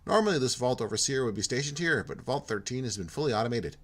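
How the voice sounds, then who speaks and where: A man voices a friendly, talkative computer technician, speaking quickly in a medium-pitched, expressive voice pushed upward, lightly acted. His Minnesota accent slides into Irish, and he sounds chatty and eager to explain.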